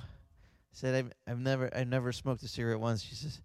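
A man who is a pastor, telling a lively personal story and acting out the voices of the people in it. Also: mid-range voice, fairly quick, no echo. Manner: animated, acts out voices of others. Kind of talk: storytelling anecdote.

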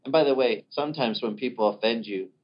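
A man preaching a sermon in an animated way, acting out the voices of the people he quotes. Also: medium pitch, fairly quick. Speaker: pastor. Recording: dull lo-fi recording.

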